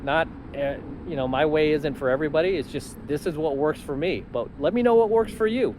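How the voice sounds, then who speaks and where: A man's voice: a little high, brisk, a little mellow, slight background noise, low-quality recording. A man telling stories in a casual vlog, confident and matter-of-fact. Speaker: channel host.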